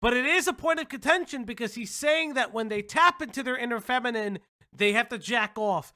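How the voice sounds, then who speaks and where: A man's voice: very high-pitched, expressive, brisk, bright, forceful tone. A man hosting a live reaction stream, mocking what he watches with incredulous remarks and bursts of laughter. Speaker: commentary stream host.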